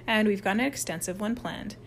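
A woman's voice: mid-range voice, brisk, a little hiss or hum, natural voice. Woman voicing a soothing head camp counselor. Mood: calm. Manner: soothing and determined. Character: calm middle-aged male head counselor. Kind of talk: audiobook character reading.

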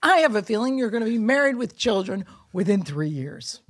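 A middle-aged woman comedian hosts a casual podcast chat. Her voice sits mid-range but moves with lively swings of pitch. She tells profane, acted-out stories. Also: fairly quick. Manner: animated, profane storytelling with acted-out quotes.

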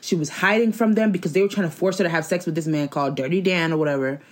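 A woman's voice: on the low side, racing. Blunt, opinionated young woman chatting. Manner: blunt, opinionated, profane, animated. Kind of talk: casual chat.

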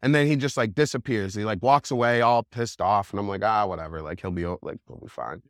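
A young man, a podcast guest, telling a wild story in a casual, animated way, full of "like". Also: fairly low pitch, fast, no room sound, clean studio sound. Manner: animated, heavy use of "like", laughs while telling.

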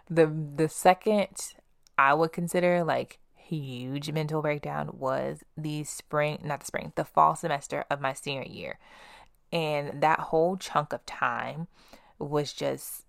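A woman's voice: low-pitched, steady tone, slow, gravelly, no room sound, studio quality. A young woman hosting a podcast, telling candid personal stories in a blunt, casual way and swearing freely. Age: young adult. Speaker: podcast host.

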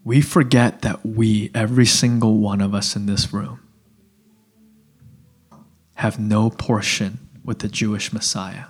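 A man's voice: lowish voice, flat delivery, unhurried, pauses often, breathy edge. Man preaching in a loose, conversational way. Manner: conversational preaching full of "like", restarts and sudden drops to a hushed voice. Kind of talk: sermon.

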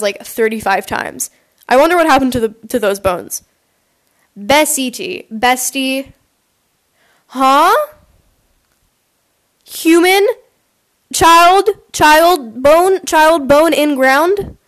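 High-voiced woman chatting animatedly. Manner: animated, rambling, acts out quotes in silly voices. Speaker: podcast host. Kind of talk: casual chat reacting to listener confessions. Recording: poor quality mic.

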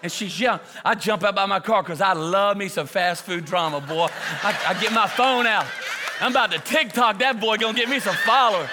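A male pastor preaching a sermon full of comic stories, with excitable shouting bursts and quick asides. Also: high voice, some chatter behind. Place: church auditorium. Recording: preaching in a large echoing hall with audience.

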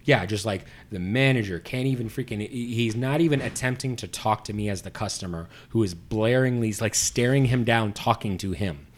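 A man with a somewhat low voice tells a story in casual chat. He rants with plenty of animation and acts out the people he argued with, his voice jumping up when he gets heated. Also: moderate pace, few pauses. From Puerto Rico. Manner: animated ranting, acting out both sides.

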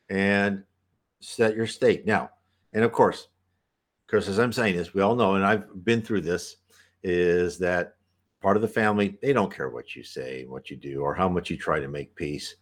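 Man, low voice, casual advice talk, rambling, restarts sentences, throat clearing. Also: moderate pace. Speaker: channel host answering viewer questions.

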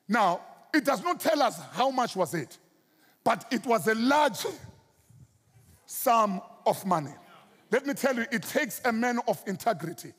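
A South African man preaching a sermon as pastor, swinging his pitch and stretching out key words for emphasis. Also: big pitch swings, normal speed, husky, big-room sound.

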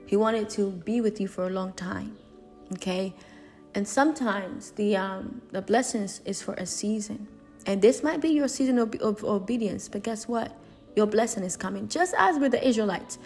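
Woman preaching, earnest, keeps repeating herself for emphasis, quiet music in the back. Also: medium pitch. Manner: earnest, repetitive, emphatic preaching with many restarts. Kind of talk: sermon.

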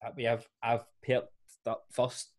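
A man's voice: medium pitch, completely flat delivery, measured pace, slight background noise. A young Scottish man telling a rambling, self-mocking story on a podcast, often laughing at himself. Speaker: podcast co-host. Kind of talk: casual storytelling chat.

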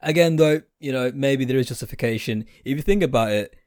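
A man's voice: mid-range voice, a little fast, darkish tone, no room sound. Brief: young British man, sarcastic rant, rambling and blunt, dry close sound. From United Kingdom. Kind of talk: opinionated monologue.

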